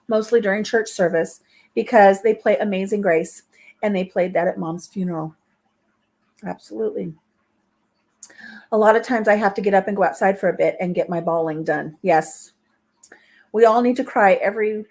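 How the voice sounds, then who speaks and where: Tearful middle-aged woman talking through tears. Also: mid-range voice. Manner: tearful, speaks through crying. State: crying. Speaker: vlog host. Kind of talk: casual chat while baking. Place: home kitchen.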